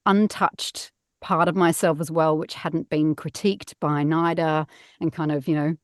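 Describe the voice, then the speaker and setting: A woman's voice: low-pitched, fairly even intonation, measured pace, no echo, studio quality. A middle-aged woman, a voice actor guest, chatting casually and self-mockingly from her padded home booth. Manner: self-mocking, laughs often. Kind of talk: casual interview chat.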